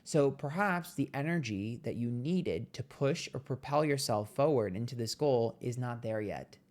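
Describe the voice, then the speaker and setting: A man giving a casual monthly tarot reading, blunt and profane, chatty and playful with sudden jumps in pitch. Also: animated, normal speed, a little mellow. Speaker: tarot reader.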